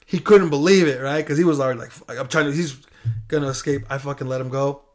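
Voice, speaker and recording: A young man telling a story in a casual podcast chat, swearing often and animated as he tells it. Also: medium pitch, fast. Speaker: podcast guest.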